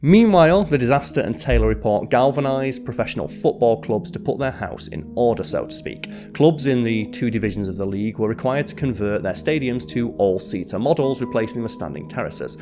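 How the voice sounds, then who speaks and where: A man's voice: medium pitch, animated, over music. Man narrating a history documentary, wry. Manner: dry, wry asides between measured narration. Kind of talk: scripted history narration with asides.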